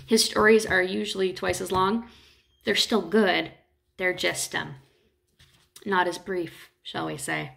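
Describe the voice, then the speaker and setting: Chatty woman teacher with vocal fry. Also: lowish voice, steady tone, fairly bright tone. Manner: chatty, retells stories with quick acted quotes. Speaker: literature teacher. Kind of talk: casual classroom lecture.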